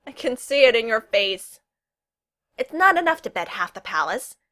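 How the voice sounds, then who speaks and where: A woman's voice: fairly high pitch, big pitch swings, moderate pace, fairly bright tone, voice pushed up. A woman voicing a nosy, theatrical young man who plays the protective best friend in a storybook reading. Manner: theatrical, accusing.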